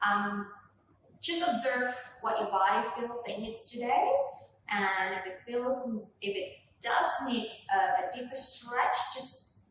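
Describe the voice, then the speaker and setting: A woman instructor gently guiding a pilates workout, calmly cueing breath and movement, recorded in a room at home. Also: medium pitch. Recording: echoey room from far off, faint noise.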